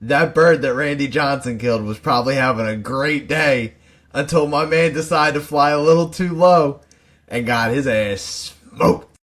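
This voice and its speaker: A man co-hosting a podcast, telling animated stories full of slang. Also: medium pitch, moderate pace. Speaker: podcast co-host. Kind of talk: casual chat.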